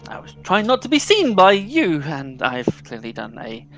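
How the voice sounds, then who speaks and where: A man's voice: high voice, wildly swooping pitch, moderate pace, a bit bright, faint music behind, voice pushed up, full character voice. A man voicing a young female reporter in her late teens, stammering and apologetic. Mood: flustered.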